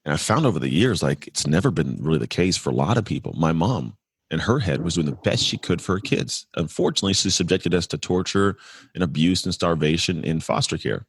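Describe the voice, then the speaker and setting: A man's voice: low-pitched, lively intonation, husky, no echo, clean studio sound. A man in his forties from California, a podcast guest telling his life story in an earnest, reflective way. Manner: earnest, reflective, fast-flowing with restarts. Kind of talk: candid storytelling interview.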